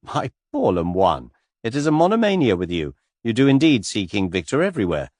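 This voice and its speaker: A man voicing an excitable middle-aged detective, speaking emphatically and insistently. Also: on the low side, fairly quick, no room sound, studio quality, voice pushed up.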